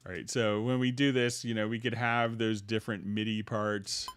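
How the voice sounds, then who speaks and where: A man hosting a livestream, walking viewers through music software and answering their questions in a loose, halting way with many restarts. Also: lowish voice, level tone, a little hiss or hum. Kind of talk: casual screen-share tutorial, answering viewer questions.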